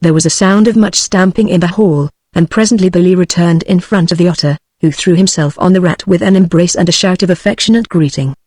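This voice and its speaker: A text-to-speech British woman's voice narrating an audiobook in even, synthetic tones. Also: fairly low pitch, fairly quick, hardly any pauses, dry recording. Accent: British English. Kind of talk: scripted narration.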